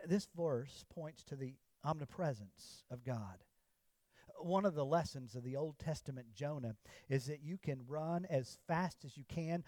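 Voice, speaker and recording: High-voiced man preaching emphatically. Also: unhurried, dry recording. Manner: emphatic preaching, pitch swinging from raised declarations to low hushed phrases. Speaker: pastor. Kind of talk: sermon. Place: church.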